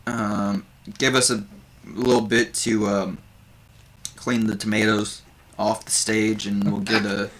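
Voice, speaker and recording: A man's voice: fairly low pitch, level tone, a bit bright. A man voicing a lanky male bugbear stand-up comedian who tells corny puns and waits for laughs. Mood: jokey. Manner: chummy, hammy joke delivery with pauses for laughs.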